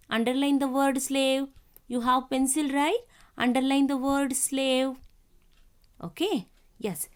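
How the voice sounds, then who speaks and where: Teacher, female, Indian English accent, high voice, slow classroom reading with spelled-out words. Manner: instructive, repeats directions to children. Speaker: schoolteacher. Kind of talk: classroom reading lesson for young children.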